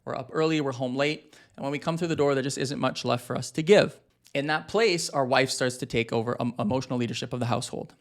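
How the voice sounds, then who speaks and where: A man's voice: medium pitch, fast talker. A man in his thirties, a marriage coach, giving a direct and emphatic talk to husbands with frequent fillers.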